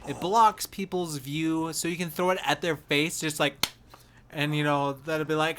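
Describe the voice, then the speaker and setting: A man's voice: on the high side, steady tone, a little slow, fairly bright tone, slight background noise. A man hosting a casual game guide, talking in a playful, rambling, jokey way. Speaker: gaming channel host.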